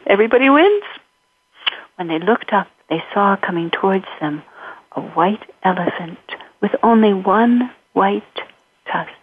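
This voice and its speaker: A woman storyteller telling a folktale in a rhythmic, repetitive way, with a husky voice. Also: mid-range voice. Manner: rhythmic, repetitive, sings short refrains. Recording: tinny phone-like recording.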